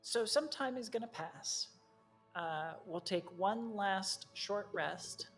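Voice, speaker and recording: A woman narrating as game master of a tabletop game, slow and halting with fillers. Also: mid-range voice, expressive, soft background music.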